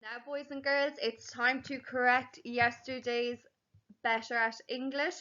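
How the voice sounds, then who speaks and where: A woman teaching young children a home learning lesson, speaking clearly in a sing-song teacher voice and spelling words out slowly. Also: on the high side, fairly even intonation, pushed and bright, highs cut off. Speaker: primary school teacher.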